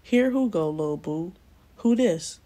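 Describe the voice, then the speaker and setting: A woman's voice: lowish voice, expressive, takes it slowly, dark tone. A woman voicing a brash, bossy man who gives orders in slang. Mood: mocking. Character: brash bossy male pimp.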